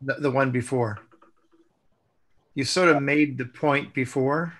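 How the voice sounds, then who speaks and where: A middle-aged man chatting casually, telling anecdotes in halting, restarting phrases and offering blunt feedback on a demo. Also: medium pitch, fairly even intonation, a bit bright. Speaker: colleague giving feedback on a sales demo. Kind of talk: casual chat.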